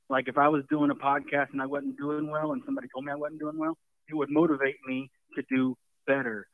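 A man's voice: medium pitch, gravelly, no room sound. A man calling in to a sports talk show, out of breath, giving an emphatic and repetitive opinion. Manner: emphatic, preachy, repeats himself. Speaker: caller. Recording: phone line.

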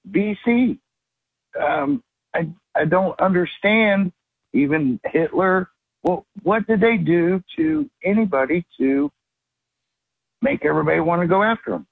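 A man from West Virginia calling a radio show, asking a question hesitantly with many pauses. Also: high voice, slightly rough, dry recording. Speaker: caller. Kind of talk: phone call to a radio show. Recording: dry tinny phone line.

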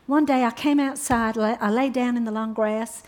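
A woman doing the voice of a tough older mountain woman, blunt and worn out, who delivers her words flatly with no fuss. She sounds a little higher and softer than an everyday voice. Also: normal speed, close to an everyday voice. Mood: weary.

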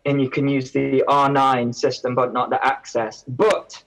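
A man's voice: mid-range voice, little pitch movement, a little slow, gravelly, a bit bright, poor audio. A man, a guest on a casual podcast, who rambles and often breaks off mid-sentence. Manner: rambling, self-interrupting. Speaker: guest reviewer.

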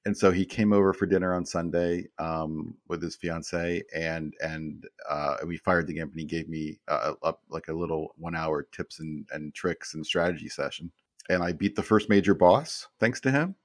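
A man in his fifties with a deep, low voice tells stories as an interview guest. He rambles, restarts and repeats words, and he sounds close and dry, with no room around him. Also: moderate pace, no room sound. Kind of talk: casual storytelling in an interview.

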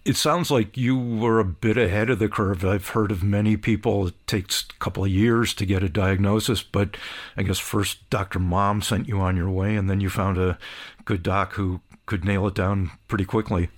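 A man hosting a podcast interview, asking questions in a calm, measured way. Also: on the low side.

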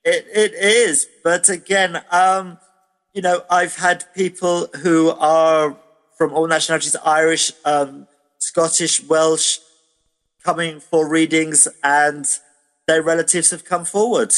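A British man, a medium, giving measured, hedging explanations in a casual radio interview. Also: fairly high pitch, flat delivery, a bit bright, long reverb tail. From Britain.

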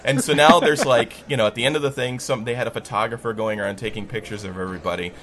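A man's voice: mid-range voice, fairly even intonation, quick pace, a bit bright, slight background noise. A man telling a story in a casual podcast chat, in a snarky, wry way, laughing often.

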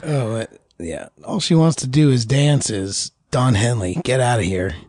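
Husky-voiced joking male podcast host. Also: mid-range voice, expressive, moderate pace, darkish tone, no room sound, studio quality. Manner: joking, rambling, trails off into restarts. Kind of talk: casual chat.

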